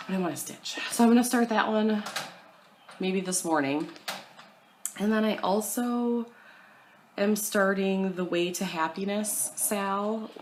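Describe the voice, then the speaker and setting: A woman's voice: on the low side, creaky, noisy background. A young woman chatting casually at home to her camera about her cross-stitch plans, self-deprecating and full of fillers.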